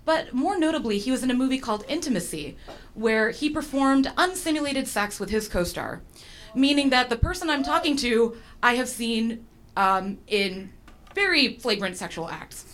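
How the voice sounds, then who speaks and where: A woman's voice: a little high, lively intonation, normal speed, a bit bright. A woman telling a personal story to an audience, chatty and self-deprecating, with lots of fillers and restarts.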